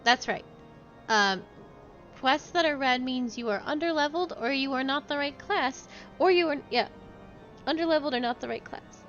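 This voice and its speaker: A woman streamer talks casually through her gameplay, wry and chatty. Her voice sits a little high, and the audio is slightly dull with soft game music behind her. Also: moderate pace.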